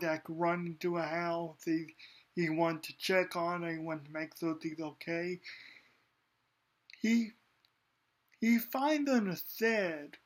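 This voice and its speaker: A man giving a casual spoken anime review, hesitant, with many ums and restarts. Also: high-pitched.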